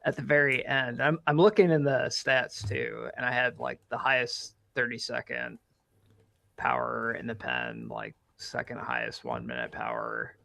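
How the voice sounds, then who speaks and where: A man's voice: medium pitch, moderate pace, gravelly, sharp tone, dry recording, studio quality. A man co-hosting a podcast in casual chat, laid-back and self-deprecating, with lots of fillers. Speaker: podcast co-host.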